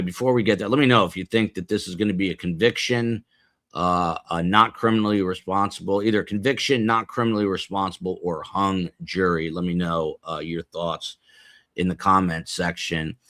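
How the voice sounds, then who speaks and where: Low-voiced man chatting on a live stream. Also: a bit bright, no room sound, clean studio sound. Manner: rambling, jokey, reading out viewer locations. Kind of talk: casual live-stream chat. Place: small office beside a studio.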